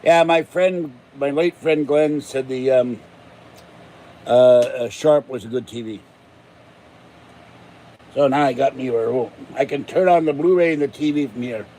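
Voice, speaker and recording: A man's voice: medium pitch, unhurried, long pauses, slight background noise. A man hosting his own vlog in a rambling, jokey, casual way. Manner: rambling, jokey, breaks into growled pirate shouts. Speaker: channel host.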